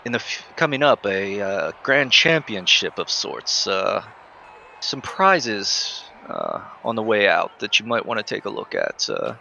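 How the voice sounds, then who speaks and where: Gravelly-voiced man playing a tabletop game. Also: on the low side, wildly swooping pitch, pushed and bright. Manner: halting with many uhs. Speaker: player. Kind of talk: in-character tabletop play. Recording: dull, slightly noisy stream audio.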